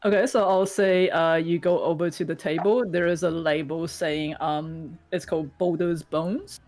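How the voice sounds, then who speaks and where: A woman's voice: sits low, fairly even intonation, normal speed, a little mellow. A woman narrating as game master in a casual, filler-heavy way.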